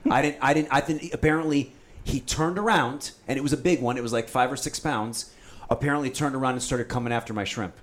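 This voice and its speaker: A man in casual conversation, telling a fishing trip story with lively energy. He jumps up in pitch when he acts out what others said, and his voice has a middle range. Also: fast. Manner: animated storyteller, acts out quotes, says "dude" often.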